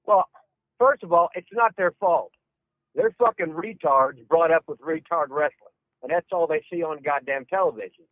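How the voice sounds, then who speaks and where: An older man rants and curses his way through wrestling stories, his voice fairly high for a man. The sound is thin and phone-like. It is also dry, with no room echo. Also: normal speed. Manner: ranting, heavy cursing, gruff Southern drawl. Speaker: wrestling trainer, guest. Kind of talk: profane storytelling interview.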